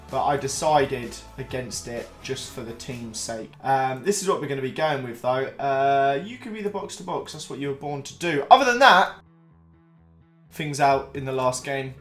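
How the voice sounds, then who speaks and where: A young man giving casual, self-deprecating commentary while playing a football management game, swinging from loud bursts to mutters. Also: on the high side, reverberant. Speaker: gaming YouTuber.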